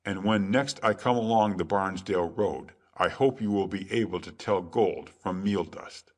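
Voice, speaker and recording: A man's voice: deep voice, moderate pace, close to an everyday voice. A man voicing a sly, boastful beggar trickster who speaks in crafty, archaic phrasing, for a storybook reading. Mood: mocking. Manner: crafty, mocking archaic speech.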